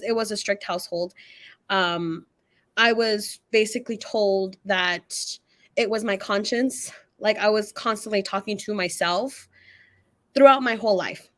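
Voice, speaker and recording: Woman, interview guest, animated storytelling, mid-range voice, frequent laughter. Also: mid-range voice. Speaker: guest psychic medium.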